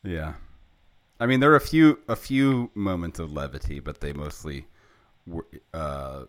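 A young man co-hosting a podcast, talking in a wry, drawn-out way with trailing ums. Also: a bass voice. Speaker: podcast co-host. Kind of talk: casual chat.

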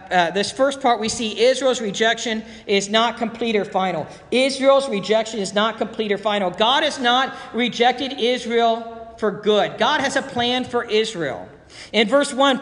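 High-voiced preacher in a reverberant hall. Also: male voice, fairly bright tone. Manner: emphatic, repeats key points. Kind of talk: verse-by-verse Bible teaching sermon.

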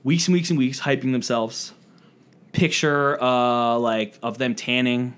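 A man co-hosting a casual podcast, swearing freely and rambling with fillers. He has an average pitch and sounds relaxed and unhurried. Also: smooth. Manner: loose and profane, with lots of fillers. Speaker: podcast co-host. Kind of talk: casual chat.

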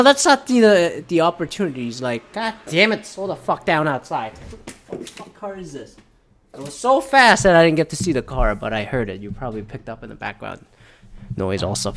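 A man's voice: medium pitch, fairly bright tone. Profane, rambling man hosting from home. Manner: rambling, profane, loose and candid. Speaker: podcast host. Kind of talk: casual solo monologue. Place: at home indoors.

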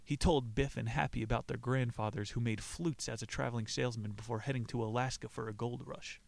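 A man's voice: medium pitch, steady tone, brisk, vocal fry. Casual profane male podcast host. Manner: profane, laughing, acts out quoted lines. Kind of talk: casual retelling of a play.

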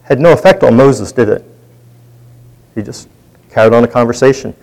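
A man's voice: mid-range voice, normal speed, gravelly, darkish tone, poor audio. Man leading a chatty Bible study. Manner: conversational, poses questions to the group. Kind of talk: interactive Bible teaching.

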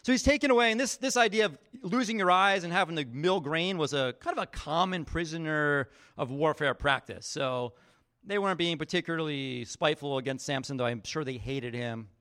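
Male pastor, relaxed storytelling sermon, slightly high voice, filler-heavy, acts out quotes. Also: fairly quick. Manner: chatty, leans on fillers like "like" and "you know". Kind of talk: conversational sermon.

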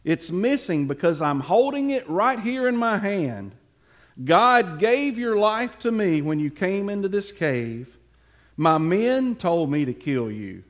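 A man voicing an earnest young warrior pleading loudly. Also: sits high, voice pushed up, exaggerated voice. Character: young male warrior, earnest and loyal to the king.

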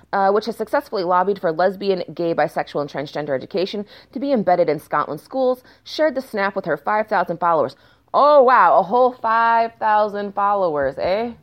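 A woman commenting on news stories in a casual rant, reading passages aloud and breaking in with sarcasm and frequent swearing. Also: lowish voice. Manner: sarcastic, swears often, shifts into mock outrage.

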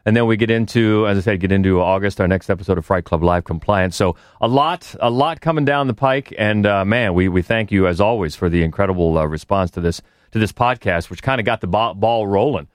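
A man's voice: on the low side, dry recording, clean studio sound. A man co-hosting a podcast in casual chat, often restarting his sentences. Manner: halting, with many restarts. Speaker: podcast co-host.

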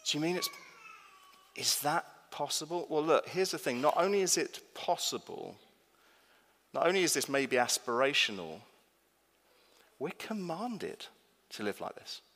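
A man's voice: fairly high pitch, expressive, unhurried, pauses often, fairly bright tone. A man preaching a sermon as pastor, emphatic and asking the congregation questions. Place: church. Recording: long reverb of a church hall.

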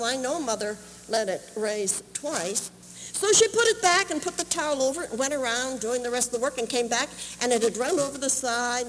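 A woman preacher telling a sermon story, animated and acting out voices, on an old camp meeting tape. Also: high voice, slight background noise. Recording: 1981 camp meeting tape, roomy hall.

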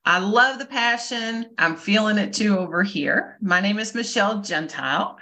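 Woman, 50s, from Kentucky, bright voice, enthusiastic. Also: medium pitch, animated, normal speed. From Louisville, Kentucky. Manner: upbeat, enthusiastic. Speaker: nurse and nutrition coach co-host. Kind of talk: podcast introduction.

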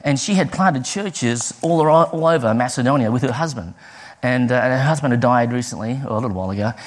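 A man preaching a sermon, telling personal stories with lively delivery and acting out the people he quotes. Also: medium pitch, brisk. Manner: lively storytelling, acts out quoted voices.

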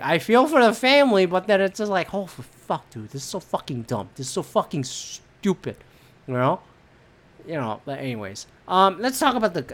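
A woman hosts a solo podcast in a rather low voice that swings widely in pitch. She rants bluntly, swearing often, and rambles with lots of fillers and restarts. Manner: profane, blunt and opinionated. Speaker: podcast host. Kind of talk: solo political commentary rant.

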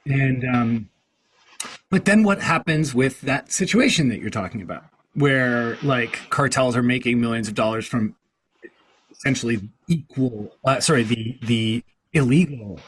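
A man's voice: medium pitch, a little slow, fairly bright tone, slight background noise, poor audio. A man hosting a casual chat, rambling along with many fillers and restarts.

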